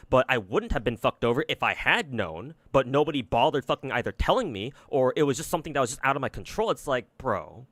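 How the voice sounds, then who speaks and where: A man's voice: mid-range voice, a bit bright, no room sound. A man streaming and giving casual commentary on games, rambling and swearing a lot, with many fillers and restarts. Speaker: gacha game streamer.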